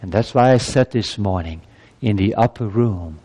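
A male pastor preaching a sermon to his congregation, emphatic and swinging from soft passages to loud exclamations. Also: lowish voice, moderate pace, husky. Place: church. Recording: long church-hall reverb.

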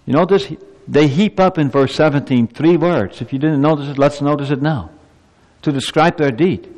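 A man preaching a sermon to his congregation. He builds to emphatic peaks, then drops low and slow. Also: expressive, darkish tone, long reverb tail. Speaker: pastor.

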